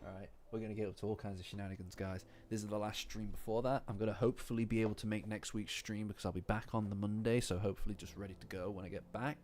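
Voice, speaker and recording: A man's voice: on the low side, steady tone, racing, few pauses, a little mellow, a little hiss or hum. A young man chatting casually on a live stream in a rambling, self-deprecating way.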